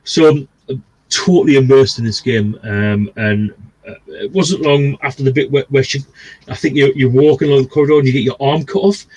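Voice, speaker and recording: A man with a husky, slightly rough voice tells a rambling, sweary story, animated and loose. His pitch sits in an ordinary middle range for a man. He sounds relaxed and chatty, like a stream co-host chatting with mates. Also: a little fast, rough recording. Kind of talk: casual storytelling.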